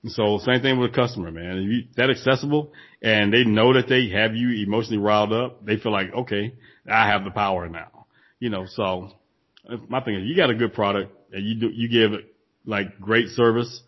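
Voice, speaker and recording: A man's voice: fairly low pitch, a little fast, lo-fi sound. A man co-hosting a casual business chat, emphatic and repeating phrases for stress. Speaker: podcast co-host, former gym owner.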